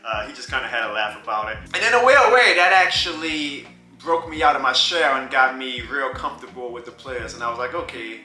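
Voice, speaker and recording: Animated storytelling man, bright voice. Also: mid-range voice, brisk, hardly any pauses. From New Orleans. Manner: animated, laughs often, acts out voices. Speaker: vlogger telling a personal story. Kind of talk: casual storytelling. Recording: roomy with faint music.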